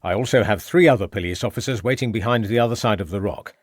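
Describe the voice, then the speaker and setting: A man's voice: fairly low pitch, quick pace, no echo, studio quality, lightly acted. A man doing a firm police inspector. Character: calm, determined male police inspector.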